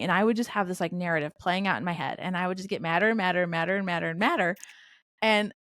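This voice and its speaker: A woman's voice: lowish voice, fast talker, a bit bright, dry recording. A middle-aged woman as a podcast guest, telling candid stories full of quoted dialogue in a conversational way. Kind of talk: conversational interview storytelling.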